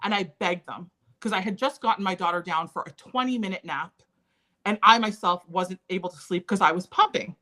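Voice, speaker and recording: A woman's voice: lowish voice, brisk, pushed and bright. Earnest woman sharing a personal story. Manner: candid, earnest, recounting painful memories. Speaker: interview guest.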